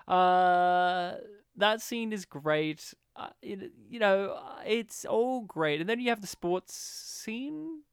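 A man co-hosting a casual film podcast, animated, acting out scenes in put-on voices. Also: high-pitched, takes it slowly, clear, resonant tone, no room sound, studio quality. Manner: animated, acts out movie lines in put-on voices. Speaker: podcast co-host.

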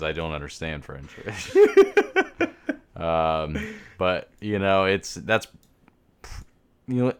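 A man co-hosting a podcast, talking in a relaxed, rambling way full of hedges. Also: on the low side. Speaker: podcast co-host. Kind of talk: casual chat.

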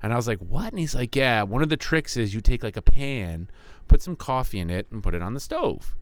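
A man's voice: medium pitch, lively intonation, fairly quick, no echo. A man co-hosting a casual podcast, retelling a friend's story in a rambling way and chuckling often. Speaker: podcast co-host.

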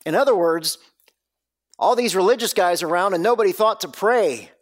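A man preaching a sermon, telling the story with dramatic swings between loud bursts and hushed, low lines. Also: normal speed. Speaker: pastor.

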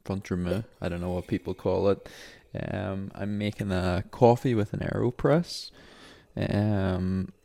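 A man's voice: low-pitched, fairly even intonation, unhurried, vocal fry, dark tone. A young adult man who runs marathons, talking casually and ramblingly with many fillers while in an apartment. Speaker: marathon runner. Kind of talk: casual vlog monologue. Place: apartment indoors.

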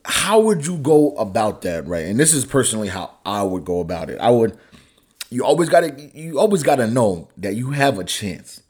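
A man's voice: medium pitch, sing-song, moderate pace, darkish tone, slightly rough. A young man hosting his own podcast, talking in a casual, profane, heated way, his voice climbing when he gets angry. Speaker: podcast host. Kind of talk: casual solo podcast rant.

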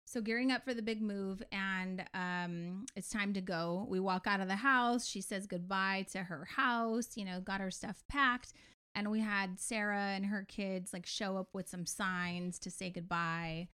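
A woman's voice: medium pitch, fairly even intonation, a little slow, sharp tone, clear, resonant tone. A woman co-hosting a podcast, telling a heartfelt story in a chatty, emotional way. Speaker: podcast co-host and parent. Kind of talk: casual chat.

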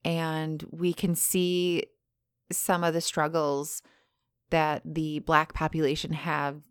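Smooth, low-voiced woman podcast co-host. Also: flat delivery, slow, no echo, clean studio sound. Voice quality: frank, laughs easily. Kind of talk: casual podcast chat.

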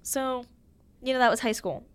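A woman's voice: a little high, normal speed, clean tone. A young woman hosting a podcast, talking candidly and emotionally in a casual chat full of fillers. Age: young adult. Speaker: podcast host.

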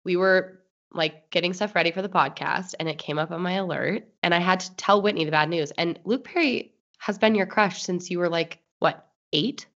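A woman co-hosting a podcast in casual chat, upbeat and talking straight to listeners, her voice a little hoarse from illness. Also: fairly low pitch, normal speed, hardly any pauses, fairly bright tone. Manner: upbeat, addresses listeners directly. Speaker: podcast co-host. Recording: dull, lo-fi sound.

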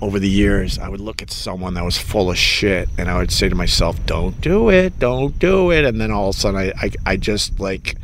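A man's voice: sits low, little pitch movement, brisk, hardly any pauses, fairly bright tone, a little hiss or hum. A middle-aged man hosting a livestream, chatting casually and greeting viewers by name. He rambles, swears freely and makes fun of himself. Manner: loose, profane, self-mocking, greets viewers by name. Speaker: livestream host reading viewer chat.

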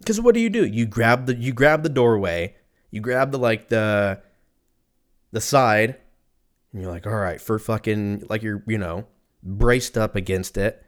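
A man's voice: on the low side, expressive, measured pace. Profane rambling male podcast host. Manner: profane, rambling, self-mocking. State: in pain from a stubbed toe. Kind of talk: casual comedic monologue.

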